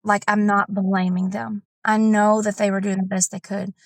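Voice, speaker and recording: Woman coaching client, emotional and animated, mid-pitched, dry close sound. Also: normal speed, dry recording. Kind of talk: candid personal account.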